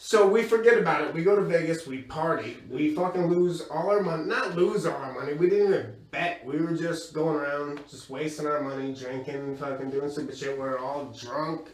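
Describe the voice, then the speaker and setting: High-voiced man telling a raunchy story. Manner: profane, animated, laughs mid-story. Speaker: stand-up comedian. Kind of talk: crude stand-up storytelling. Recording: echoey room from far off with crowd.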